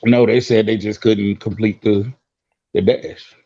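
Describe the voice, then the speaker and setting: A man's voice: lowish voice, steady tone, measured pace, mellow, no echo. A man from Florida, talking casually and emphatically, often repeating his point. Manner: talkative, emphatic, repeats himself. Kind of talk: casual chat. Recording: dull lo-fi sound.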